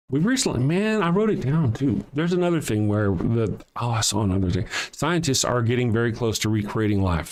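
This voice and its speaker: Reading viewer comments aloud, an older Southern-accented man hosts a casual livestream in a medium-pitched voice. He's blunt and profane and chuckles often.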